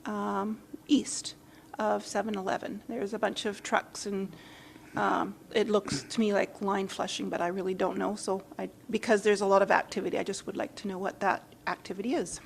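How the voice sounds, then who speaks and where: Gravelly-voiced woman councillor asking. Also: mid-range voice, little pitch movement, normal speed, a little hiss or hum. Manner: hesitant, curious. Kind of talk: asking a question at a meeting.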